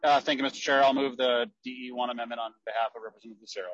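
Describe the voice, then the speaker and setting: A man speaks in a flat, level voice as he makes a formal motion, pausing on fillers. The sound is dry and dull. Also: medium pitch, no room sound. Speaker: committee member, state representative.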